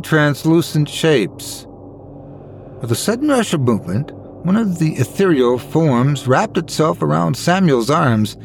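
A man narrating a first-person horror story in a dramatic, expressive way. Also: medium pitch, slight background noise.

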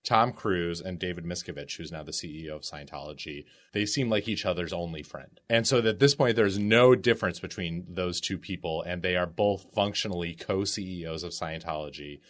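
A man's voice: low-pitched, a little fast, hardly any pauses, fairly bright tone. A man talking through a book in a casual panel discussion, dropping frequent "like"s. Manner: conversational, filler-heavy with frequent "like".

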